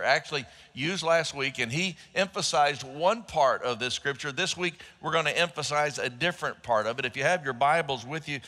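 Male pastor, mid-pitch, bright and forceful delivery, joking sermon style, live church hall reverb. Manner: joking with the congregation. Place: large church auditorium.

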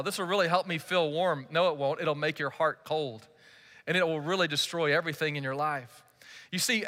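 Guy preaching a sermon, high bright voice, lots of echo, keeps asking the crowd questions. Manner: emphatic, conversational preaching with repeated rhetorical questions. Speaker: pastor.

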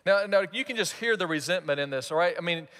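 A man preaching a sermon as pastor, animated and playing out quoted voices. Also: high voice, fast talker. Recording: reverberant hall.

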